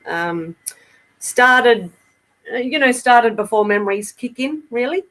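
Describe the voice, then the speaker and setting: A middle-aged Australian woman, a guest in a casual interview, talking in an easy, unhurried way with frequent ums. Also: a little high, lively intonation, a bit bright.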